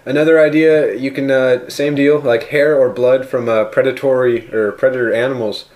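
A man's voice: medium pitch, fairly even intonation, normal speed, a little mellow. A man co-hosting a casual comedy podcast, rambling and joking crudely, sometimes playing mock-offended. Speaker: podcast co-host.

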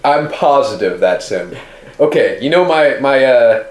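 A man's voice: mid-range voice, expressive, unhurried. A man in his twenties co-hosting a podcast, telling stories in a playful, insistent way. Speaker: podcast co-host. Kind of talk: casual podcast banter. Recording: roomy studio.

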